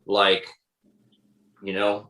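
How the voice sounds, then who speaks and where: Man, musician guest, low bright voice, halting, roomy echo. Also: monotone. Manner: halting, searching for words. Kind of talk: casual interview.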